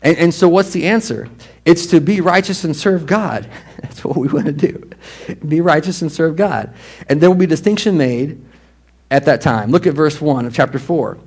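A man's voice: a little high, normal speed, husky. Man preaching a conversational sermon. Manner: conversational, animated preaching with asides and laughs. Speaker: pastor.

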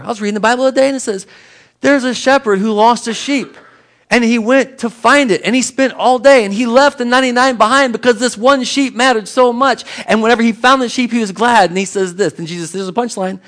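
A man's voice: very high-pitched, fairly quick, a bit bright. A man preaching a sermon in an emphatic, conversational way, acting out little exchanges with people. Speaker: pastor.

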